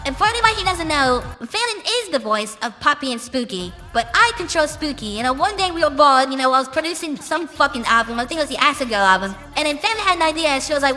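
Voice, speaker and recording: A young woman talks in a high, bright voice, blunt and cocky with plenty of swearing. She answers interview questions like a casual chat. A long room reverb hangs on her voice, with music playing behind. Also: animated, quick pace, hardly any pauses. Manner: blunt, profane and boastful.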